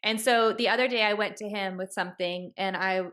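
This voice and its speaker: A woman in her thirties co-hosting a podcast, chatting candidly and acting out quoted speech with lively jumps in pitch. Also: brisk. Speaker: podcast co-host. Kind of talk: casual candid conversation.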